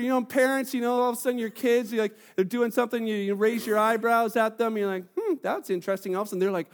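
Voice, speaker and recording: A man preaching a sermon as pastor, telling stories in a lively way and acting out the voices of the people in them. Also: very high voice, quick pace, few pauses, big-room sound. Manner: animated storytelling, acting out quoted voices. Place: church hall.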